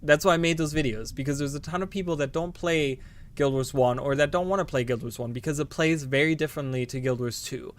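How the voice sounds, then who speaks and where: Excitable male game streamer. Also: fairly high pitch, fast talker. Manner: excitable, rambling, bursts of delighted exclamations; talks to viewers directly, swears casually. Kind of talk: casual live gameplay commentary.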